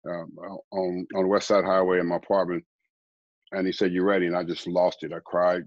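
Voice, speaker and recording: A middle-aged man, a guest preacher, telling his life story in a rambling, quiet way, often repeating words. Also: sits low, flat delivery, a little fast, dry recording, dull audio. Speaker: guest, former baseball player turned preacher. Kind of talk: conversational storytelling.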